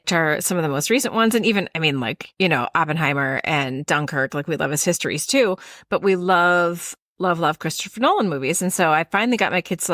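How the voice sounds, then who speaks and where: A woman's voice: sits low, fairly bright tone, no room sound, studio quality. A woman co-hosting a podcast in casual chat, rambling a little and laughing often as she asks her co-host questions. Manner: rambling, with many fillers.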